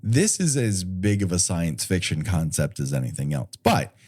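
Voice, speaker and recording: Low, lively, sarcastic podcast man. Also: moderate pace, husky. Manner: sarcastic, swears freely, riffs in silly put-on quotes. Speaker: podcast co-host. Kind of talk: casual comedic chat.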